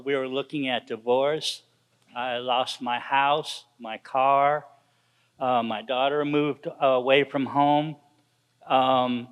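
Slow, smooth-voiced man testifying. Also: medium pitch, a bit bright. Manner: hesitant, many ums, wry laughter. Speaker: congregation member giving testimony. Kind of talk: church testimony. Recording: reverberant church sanctuary.

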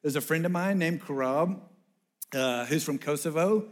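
Animated man telling a sermon story. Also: a little high, normal speed. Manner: animated, acts out the people in his story.

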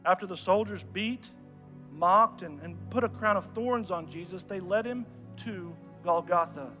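A high-pitched man preaching from a church, dramatic and earnest as he retells scripture, often sinking to a hush. His voice rings through a long hall reverb, with soft music playing beneath. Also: a little slow. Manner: dramatic, earnest storytelling with soft drops in volume. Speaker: pastor. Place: church sanctuary. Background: faint music.

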